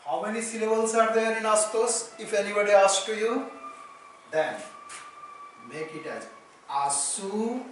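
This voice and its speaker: A man with an Indian English accent teaching a slow, deliberate lesson on poetry. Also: sits high, distant mic, a little hiss or hum. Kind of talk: lecture on poetry. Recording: echoey room, voice off-mic.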